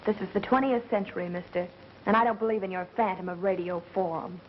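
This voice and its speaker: An actress playing a quick-witted, sarcastic young woman who works as an ad executive, in a 1930s film. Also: medium pitch, fairly even intonation, close to an everyday voice. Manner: sassy, sarcastic. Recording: dull 1930s film soundtrack, faint hiss.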